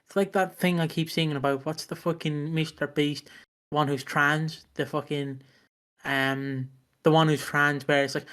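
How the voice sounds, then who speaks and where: A man's voice: a little high, fairly even intonation, moderate pace, a bit bright. A man co-hosting a podcast, riffing with crude jokes and swearing. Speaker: podcast co-host. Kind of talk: casual crude podcast banter.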